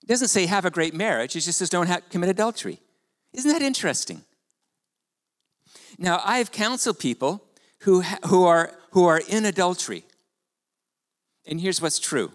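Brief: man preaching in a church hall, raised pitch, very lively intonation, conversational sermon style, echoing sanctuary. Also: normal speed, pauses often. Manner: animated, conversational preaching with rhetorical questions. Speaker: pastor. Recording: long hall reverb.

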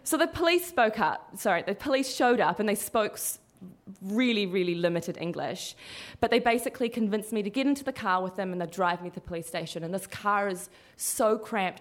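A young adult woman telling a story, lively and often laughing as she talks. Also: fairly low pitch, brisk. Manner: animated, laughing through the telling. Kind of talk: live storytelling.

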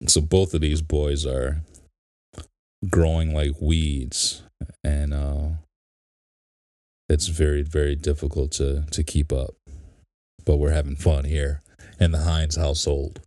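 Podcast co-host, male, very low and slow, relaxed joker, dry close sound. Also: no room sound. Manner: laid-back, joking, drawn-out delivery. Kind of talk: casual chat.

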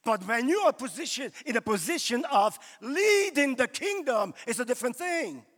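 A man's voice: extremely high pitch, big pitch swings, normal speed, fairly bright tone, long reverb tail. A male pastor preaching a sermon in a loose, conversational way, full of "you know" fillers, recorded live in a church.

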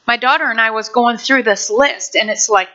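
Woman preacher, lively and demonstrative, bright forward tone, muffled lo-fi recording. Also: fairly high pitch, moderate pace. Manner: animated, acts out little scenes and exclamations. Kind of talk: sermon.

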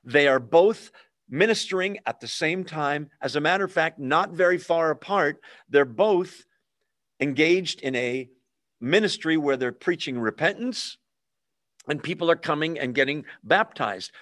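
Male pastor, slightly high voice, dry close sound, animated sermon delivery with acted-out quotes. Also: measured pace, dry recording. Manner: conversational and animated, asks listeners questions.

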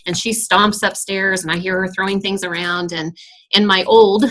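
A woman's voice: fairly low pitch, fairly even intonation, brisk, a bit bright. Earnest middle-aged woman telling stories. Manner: earnest, storytelling, laughs often. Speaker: school principal. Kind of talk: conversational interview answer.

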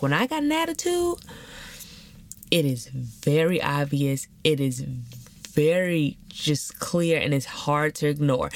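A woman's voice: low voice, no room sound. A young woman hosting a podcast, talking candidly and animatedly in slangy casual chat. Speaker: podcast host.

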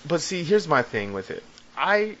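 A man's voice: fairly high pitch, very animated, normal speed, fairly bright tone. A young man co-hosting a casual podcast chat, rambling and repeating himself as he talks. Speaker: podcast co-host. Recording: dull lo-fi sound with faint noise.

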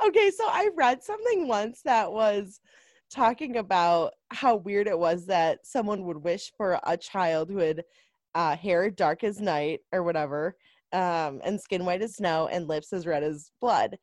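A woman chatting casually about a movie, giggly and animated, eager to agree with her co-host. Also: fairly low pitch, unhurried, no echo, clean studio sound. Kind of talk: casual movie review chat.

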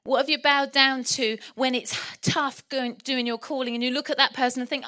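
A woman delivering a sermon in church, lively, humorous and animated. Her voice sits high and has a bright edge, and it keeps the congregation engaged. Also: moderate pace, hardly any pauses. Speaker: preacher.

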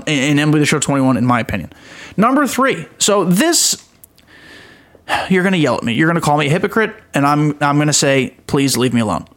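A young man hosts a casual gaming podcast in a voice pitched a little high. He rambles, pokes fun at himself, and sounds enthusiastic throughout. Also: fairly bright tone. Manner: rambling, self-mocking, enthusiastic. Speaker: podcast host.

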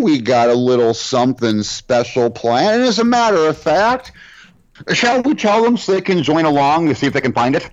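Podcast co-host, man, jokey banter, lively pitch, muffled dry lo-fi mic. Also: normal speed, no echo. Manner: playful, jokey sign-off banter. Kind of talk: casual chat.

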